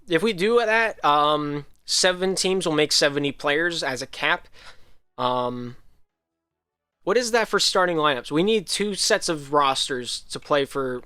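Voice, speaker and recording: A man's voice: on the high side, sharp tone, clean tone, no echo, clean studio sound. A man hosting a live stream, talking casually and rambling, with many restarts and a slight Southern American drift. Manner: rambling, frequent ums and restarts. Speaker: league host. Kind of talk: casual livestream talk.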